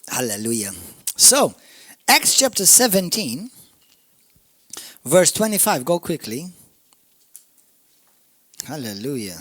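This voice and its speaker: A man with a Maltese accent preaching a sermon, emphatic, swinging from shouts down to murmurs. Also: on the high side, sing-song, slow pace, long pauses, dry recording. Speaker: pastor. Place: church.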